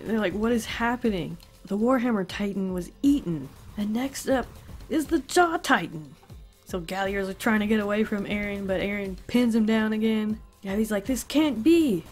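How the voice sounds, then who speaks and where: A woman hosting a casual review, recapping animatedly with frequent laughs and swearing. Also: medium pitch. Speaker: host.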